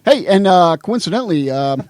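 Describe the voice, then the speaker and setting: A male radio host reads out a casual plug, with a voice a touch higher than most men's. The studio sound is dry and close. He stumbles and repeats words as he goes. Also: animated, a little fast, a little mellow, no echo. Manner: stumbling, tongue-tied reading of a script.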